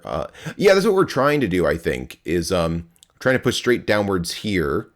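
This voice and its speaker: A man's voice: low-pitched, very animated, moderate pace. A young man streaming a game live, chatting with his viewers in a rambling, playful way and grunting as he plays.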